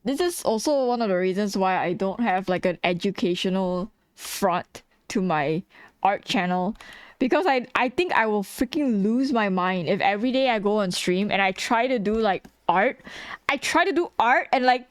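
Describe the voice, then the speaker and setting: A woman's voice: mid-range voice, expressive, normal speed, clean tone, no room sound, studio quality. A young woman streaming while she draws, chatting bluntly and casually with her viewers and laughing often. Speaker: streamer and artist. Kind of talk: casual livestream chat while drawing.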